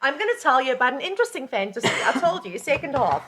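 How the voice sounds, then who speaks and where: A woman with a high voice co-hosting a casual podcast. She tells stories animatedly, laughing as she goes and pushing back playfully. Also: sing-song, fast, fairly bright tone, low-quality recording. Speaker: podcast co-host. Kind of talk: casual chat.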